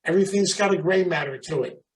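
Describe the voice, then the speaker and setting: A man giving an animated, storytelling talk at a recovery meeting, chatting with the audience. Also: sits high, quick pace, distant mic, poor audio. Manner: animated, emphatic, chatty, calls out audience members. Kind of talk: motivational storytelling talk to a live group.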